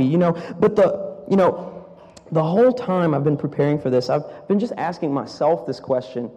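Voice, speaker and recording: Young male preacher, high voice, animated self-mocking storyteller, long hall reverb. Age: young adult. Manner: animated, self-mocking storyteller who keeps asking "okay?". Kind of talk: storytelling sermon.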